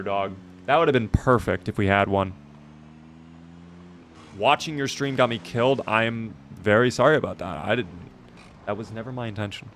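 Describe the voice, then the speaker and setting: A man's voice: medium pitch, a bit bright, a little hiss or hum. A man streaming a video game live, chatting casually and answering viewer messages as he plays.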